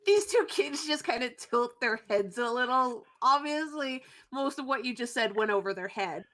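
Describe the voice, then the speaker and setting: A woman's voice: a little high, animated, moderate pace, fairly bright tone. A woman narrating a tabletop game as game master, loose and chatty with frequent fillers.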